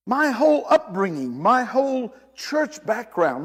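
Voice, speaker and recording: Male preacher, high lively voice, repeats himself, hushed then loud, church hall reverb. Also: unhurried, hardly any pauses, slightly rough. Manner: animated, repeats phrases, swings from hushed to loud. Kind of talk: sermon. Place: church service with a congregation.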